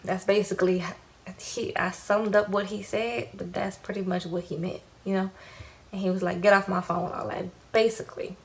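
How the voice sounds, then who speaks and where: A woman giving a casual, animated recap of a TV episode, talking in slangy, lively fashion. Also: medium pitch, moderate pace, poor audio. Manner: animated, slangy, acts out quotes. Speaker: TV recap vlogger. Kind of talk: casual recap with acted quotes.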